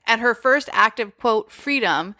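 A young woman co-hosting a podcast, recapping a film in a bubbly, expressive way and often laughing. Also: a little high, unhurried, no room sound, clean studio sound. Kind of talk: casual chat recapping a film.

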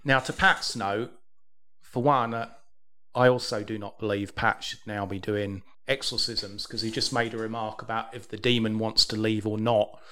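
A man's voice: fairly low pitch, fairly even intonation, moderate pace, pushed and bright. A man hosting a podcast, chatting casually and reading out news stories with dry, wry humor. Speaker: podcast host.

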